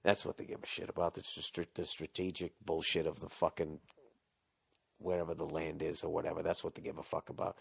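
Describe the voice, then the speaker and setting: A man's voice: a bass voice, monotone, a little fast, creaky, breathy edge. A man hosting a podcast, delivering a rambling, profane, sarcastic comedic rant. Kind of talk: ranting comedic monologue.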